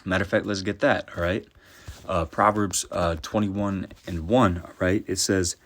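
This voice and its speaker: A man teaching from scripture, reading verses slowly and ending nearly every phrase with "all right?". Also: deep voice, steady tone, a bit bright. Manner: peppers speech with "all right?"; reads verses slowly and deliberately. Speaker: preacher.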